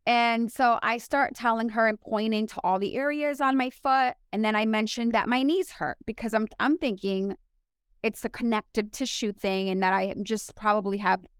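A woman co-hosting a podcast, telling a story in an animated way and acting out the lines of the people in it. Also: fairly high pitch, normal speed, smooth, no echo, clean studio sound. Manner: animated storyteller who acts out dialogue. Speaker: podcast co-host. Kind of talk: casual podcast chat.

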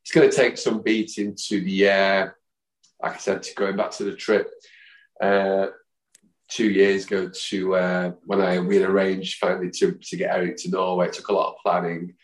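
Deep-voiced man telling rambling stories. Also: moderate pace. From Manchester, England. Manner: rambling, lively, mimics others' voices in his stories. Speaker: podcast guest, football fan. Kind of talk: anecdotal storytelling. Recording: roomy echo.

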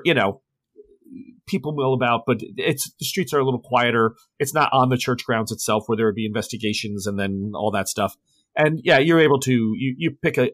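A man's voice: mid-range voice, no echo. A man narrating a tabletop horror game as game master, rambling with many restarts.

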